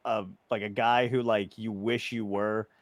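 A man's voice: on the low side, little pitch movement, moderate pace, dry recording. Man from New Jersey, podcast host, rambling, cursing, dry close sound. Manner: rambling, swears freely, many restarts. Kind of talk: casual chat.

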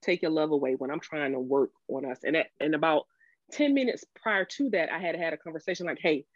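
A woman guest on a podcast telling the story of her marriage and divorce, emotional and halting, with many restarts, rising sharply when she quotes herself. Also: sits low, no room sound. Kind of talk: candid storytelling about a marriage. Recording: dull lo-fi audio.

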